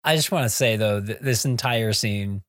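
A man's voice: lowish voice, moderate pace, a bit bright, no room sound, clean studio sound. A man co-hosting a podcast, chatting enthusiastically about a comic with casual swearing and lots of fillers. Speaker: podcast co-host. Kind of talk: casual comic book discussion.

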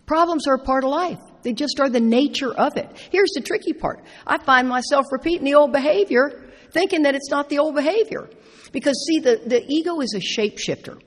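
A middle-aged woman speaking at a recovery meeting, telling stories with playful, animated asides. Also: sits high, a little fast. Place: large meeting hall. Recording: echoey hall with long reverb.

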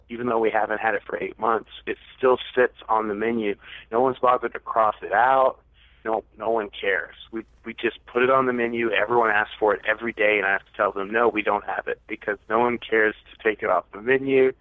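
A man's voice: fairly low pitch, fairly even intonation, fairly quick, no echo. A man telling a long story as a podcast guest, rambling and mocking himself. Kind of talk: casual storytelling. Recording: tinny, dry phone-like line.

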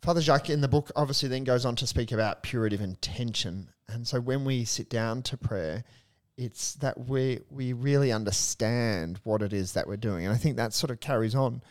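A young adult male priest in casual faith discussion, earnest and animated, telling stories with a touch of humor. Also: mid-range voice, normal speed. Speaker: Catholic priest, co-host.

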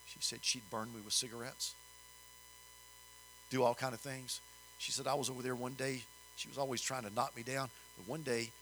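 Older man preaching with bright voice. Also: mid-range voice, slight background noise, low-quality recording. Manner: folksy, animated storytelling with rising emphasis. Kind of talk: storytelling sermon.

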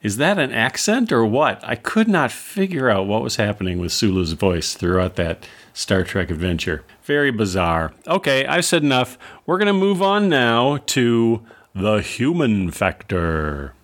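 Sarcastic male reviewer host, exasperated, lively voice that jumps around. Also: mid-range voice, measured pace. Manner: sarcastic, exasperated, does mocking impressions. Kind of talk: casual comedic review.

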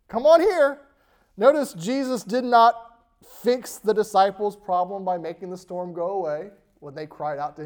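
A man preaching a sermon, reading scripture aloud and stressing key words before letting phrases trail off softly. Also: high voice. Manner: slow, emphatic preaching with soft trailing endings. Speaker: pastor.

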